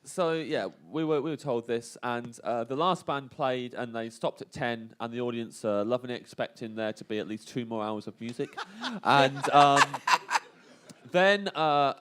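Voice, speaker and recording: A man, a comedian, telling a funny story in an animated way at a live stage show, laughing through his own tale. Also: mid-range voice, normal speed, slight background noise.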